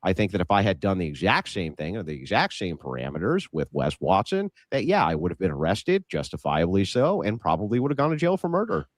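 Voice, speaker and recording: Lively, insistent male debater. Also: sits low, dry recording. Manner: measured, insistent, asks to finish. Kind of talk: debate argument.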